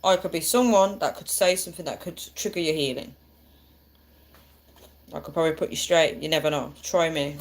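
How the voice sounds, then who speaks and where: A woman's voice: low voice, a little fast, long pauses. A woman hosting a live stream, chatting with viewers in a chatty and encouraging way. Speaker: livestream host.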